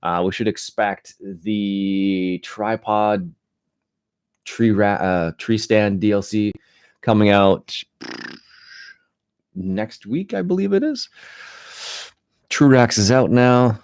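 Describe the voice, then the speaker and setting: A man hosting a casual live-stream chat, rambling and relaxed, with frequent restarts and fillers. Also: fairly low pitch, takes it slowly, long pauses, smooth, no echo, clean studio sound. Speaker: gaming channel host.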